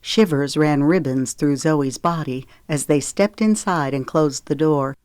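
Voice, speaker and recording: A woman reads an audiobook in a steady, even storytelling voice. Her voice is low for a woman and sits in a very dry, close recording with no trace of room. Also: measured pace, no room sound. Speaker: audiobook narrator. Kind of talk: scripted audiobook narration.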